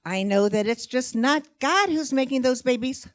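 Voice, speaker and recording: An earnest, wide-eyed little girl, as a woman telling a stand-up story puts her on, her voice sitting a touch high and lilting through the quotes. naive and completely sincere. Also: expressive, normal speed, background noise. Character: young schoolgirl daughter, earnest and naive.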